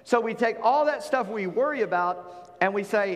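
A man's voice: high-pitched, lively intonation, normal speed, in a large hall. A man preaching a sermon in a folksy, conversational way, with plain-spoken asides to his congregation. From Charleston, South Carolina. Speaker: pastor.

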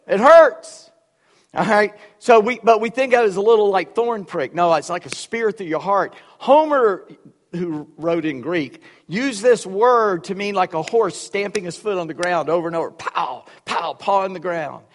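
A male pastor preaching a sermon in a church, animated and conversational, with humorous asides. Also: high voice, moderate pace, in a large hall.

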